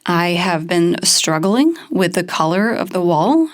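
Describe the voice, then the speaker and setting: A woman's voice: lowish voice, very animated, unhurried. A woman vlogger chatting casually to the camera in her home studio, rambling in an anxious, chatty way.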